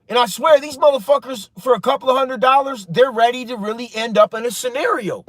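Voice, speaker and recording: A man's voice: extremely high pitch, fairly quick, few pauses, a bit bright, no room sound. A man in his thirties telling a heated, profane story to his viewers in a casual, rambling way. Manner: profane, heated, addresses viewers as you guys. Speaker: storytelling vlogger.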